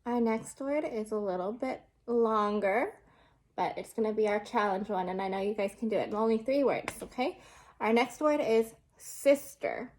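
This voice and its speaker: A young adult woman teaching a remote lesson, slowly and patiently sounding out words for children. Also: mid-range voice, a little mellow.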